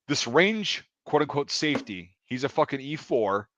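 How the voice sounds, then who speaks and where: A man's voice: mid-range voice, normal speed, a little hiss or hum. A man, an army veteran, telling war stories in a casual, profane chat. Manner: profane, animated anecdote telling. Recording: dry, slightly dull sound.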